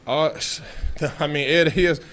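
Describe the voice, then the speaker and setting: A man's voice: a little high, takes it slowly, fairly bright tone. A man from Texas, a pro football player answering press questions in a loose, laid-back way with many restarts.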